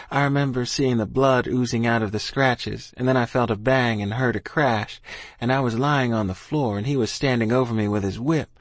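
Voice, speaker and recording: A man narrating a story in first person, in an earnest, steady manner. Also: medium pitch, dry recording. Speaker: audiobook narrator.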